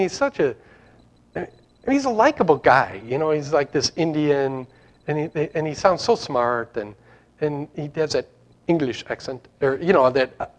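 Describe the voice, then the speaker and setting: A man preaching an informal sermon to his congregation, rambling and conversational with frequent restarts. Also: on the high side. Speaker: pastor.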